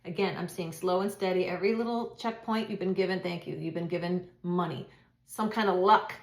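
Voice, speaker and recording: A woman's voice: on the low side, brisk, echoey room. A woman doing a casual tarot reading, chatty and repeating herself, with laughs and swearing. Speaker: tarot reader.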